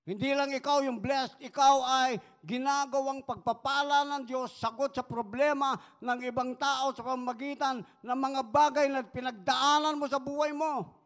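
A man's voice: very high voice, fairly even intonation, normal speed, hardly any pauses, fairly bright tone, big-room sound. A man with a Filipino accent preaching a rousing, emphatic sermon and mixing English with Tagalog. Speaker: pastor.

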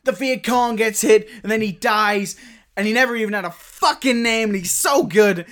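Man, animated monologue reader, crude, loud peaks. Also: high voice, moderate pace. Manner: animated, swearing, rising to shouts. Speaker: performer. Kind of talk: performing a film monologue.

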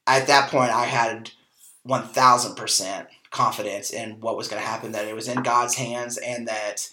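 Bright-voiced man telling a story in an echoey room. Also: medium pitch, normal speed. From Kansas, US. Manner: animated storyteller, acts out quoted dialogue, frequent fillers. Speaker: podcast host. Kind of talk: casual personal storytelling.

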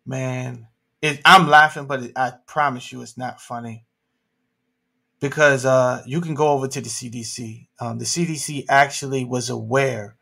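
A man's voice: medium pitch, creaky, bright, forceful tone. A man hosting a livestream, talking in an emphatic, slangy way full of rhetorical questions. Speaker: livestream host. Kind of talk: animated opinion talk.

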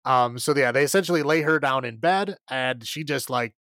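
Male podcast co-host, mid pitch, dry close mic, rambling recap full of fillers and chuckles. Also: normal speed, a bit bright, no room sound. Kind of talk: casual movie recap chat.

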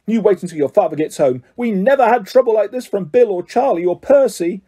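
A man reading aloud, voicing a fierce but caring witch mother who scolds her sons in a shrill voice. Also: lively intonation, a little fast, breathy edge. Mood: furious scolding. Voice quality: shrill, rising to shouts. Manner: fretful, sharp-tongued.

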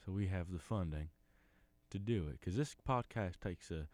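A man's voice: deep voice, normal speed, dry recording. A middle-aged man with a Southern US accent, hosting a podcast in a folksy, rambling, mock-earnest comedic monologue. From Arkansas. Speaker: podcast host.

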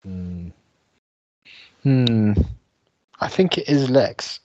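A man co-hosting a casual podcast, giving low-key, teasing, brief replies. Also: lively intonation, very slow, darkish tone, no echo, highs cut off. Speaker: podcast co-host.

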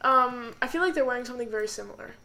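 Giggly young woman, slightly high voice. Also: very fast, a crowd in the background. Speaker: podcast co-host. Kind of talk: casual chat.

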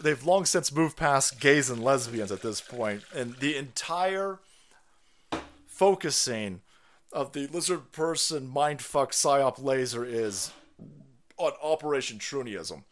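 A man's voice: mid-range voice, animated, measured pace, slight background noise. Foul-mouthed man ranting on a stream. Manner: loud, laughing, foul-mouthed, sarcastic. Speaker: livestream host. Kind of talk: profane political rant.

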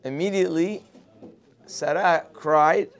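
A man's voice: fairly high pitch, slow. A man teaching a morning Torah class, telling the story expressively and mixing Hebrew quotes with English. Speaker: religious teacher.

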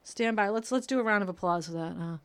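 A woman's voice: mid-range voice, quick pace, no room sound. A woman hosting a solo podcast, ranting casually, swearing often and mocking herself, talking close to the microphone. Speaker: podcast host. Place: home room, painters working outside.

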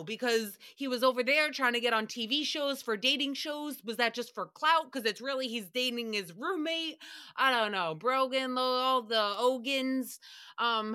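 A woman's voice: medium pitch, bright, forceful tone, no room sound, studio quality. A woman hosting a casual solo recap podcast, ranting in a sassy, profane way and slipping into mock voices for quotes. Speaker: podcast host.

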